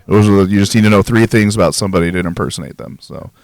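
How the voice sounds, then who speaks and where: A man's voice: fairly low pitch, rapid-fire, darkish tone, dry recording, clean studio sound. A man hosting a comedy podcast, crude and playful in casual banter. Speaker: podcast host.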